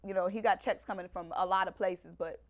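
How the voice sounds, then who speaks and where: A woman's voice: medium pitch, steady tone, brisk. A woman hosting a sports news show, questioning her guest in a conversational, playful way. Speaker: host. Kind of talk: casual sports debate.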